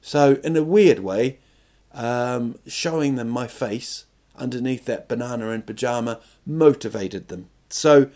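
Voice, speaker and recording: A man telling a rambling, self-mocking comic story on his podcast. His pitch sits at an ordinary middle level, and he stumbles through plenty of ums and restarts. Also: measured pace, darkish tone. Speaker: podcast host and comedian.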